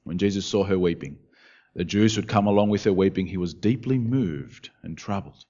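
A man preaching a sermon, sinking to hushed words and climbing to urgent questions. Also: low-pitched, brisk, dull audio. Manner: expressive preaching, dropping to hushed tones and rising to urgent questions. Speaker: pastor.

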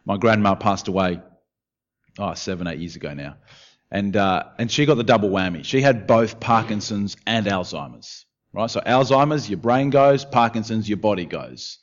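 A man preaching a sermon, sinking to hushed words and climbing to urgent questions. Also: fairly low pitch, moderate pace, dull audio. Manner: expressive preaching, dropping to hushed tones and rising to urgent questions. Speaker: pastor.

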